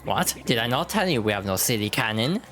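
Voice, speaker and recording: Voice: mid-range voice, very animated, fairly quick, fairly bright tone. A round little bomb villager from a video game speaks in clipped, broken phrases with a thick put-on accent, voiced by a streamer. The game dialogue is read aloud over faint background music. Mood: stern. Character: Bob-omb townsfolk in a put-on foreign accent.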